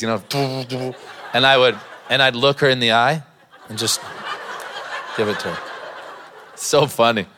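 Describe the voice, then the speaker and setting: A man's voice: mid-range voice, background noise. A man, a pastor, preaching a sermon in a church, mixing scripture with a humorous personal story and laughing often.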